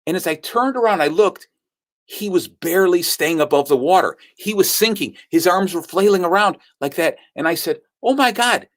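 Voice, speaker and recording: A man with a high voice, speaking at normal speed, narrates a story in his sales talk. He brings it to life by acting out the things people said.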